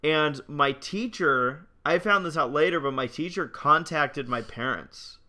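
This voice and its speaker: A man's voice: a little high, measured pace, pushed and bright. A young man co-hosting a podcast, telling a school anecdote with many fillers and restarts. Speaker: podcast co-host. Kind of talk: casual chat.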